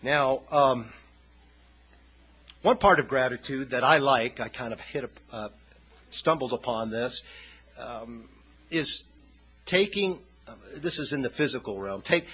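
A man's voice: medium pitch, a little slow, pauses often, pushed and bright, husky, poor audio. A man preaching an informal sermon in a loose, conversational, rambling way.

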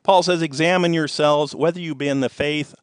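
A man's voice: a little high, steady tone, brisk, clear, resonant tone, no echo, clean studio sound. Emphatic man preaching a sermon. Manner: emphatic, rises and falls in loudness for effect. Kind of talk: sermon with storytelling.

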